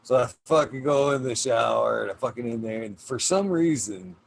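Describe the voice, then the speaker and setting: A laid-back man hosting a casual livestream chat, with a gravelly, fry-edged voice. He swears constantly and laughs his way through a rambling story. A faint hiss sits under the voice. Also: mid-range voice, moderate pace. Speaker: podcast host.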